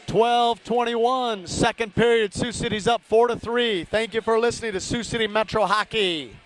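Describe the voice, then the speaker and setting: A man calling a youth hockey game live, rattling off player names, shouting on big plays and chatting to listeners between whistles. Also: very high-pitched, steady tone, normal speed. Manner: chatty asides, greeting listeners by name. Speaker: hockey play-by-play announcer. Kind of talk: live play-by-play commentary.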